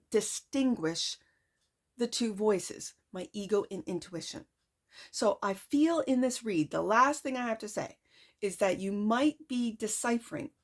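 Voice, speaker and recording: Excitable woman tarot reader, slightly high voice, emphatic delivery. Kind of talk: tarot reading to camera.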